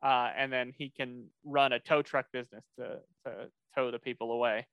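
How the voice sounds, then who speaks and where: A man's voice: mid-range voice, steady tone, moderate pace, clean tone, no echo, dull audio. A man co-hosting a casual podcast, recapping a cartoon episode in a rambling way with many fillers and restarts.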